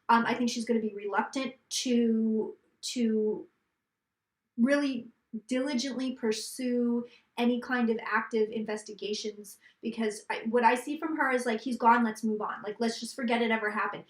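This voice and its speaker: A woman psychic giving a reading, rattling off predictions in a rapid, run-on way and repeating points for emphasis. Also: on the high side, reverberant. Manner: rapid run-on delivery, talking like an auctioneer; emphatic, repeating lines for stress. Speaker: psychic reader. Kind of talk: live tarot reading.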